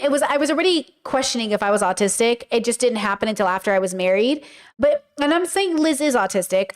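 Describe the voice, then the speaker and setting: A woman with a high voice hosts a casual commentary podcast. She talks in a chatty, animated way and slips into quick acted-out lines of dialogue. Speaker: podcast host reacting to a clip.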